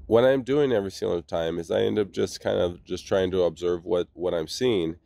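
A low-voiced man with a gravelly, slightly congested tone hosts a casual garden vlog. He rambles enthusiastically, restarting his sentences often. The sound is close and dry. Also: a little fast, dark tone, no echo. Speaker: gardening channel host.

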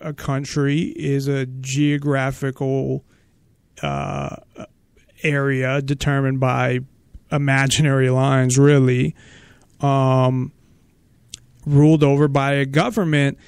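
A man hosting a talk radio show, chatting casually and arguing his point deliberately, step by step. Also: mid-range voice, little pitch movement, creaky, darkish tone, smooth, dry recording. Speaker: host.

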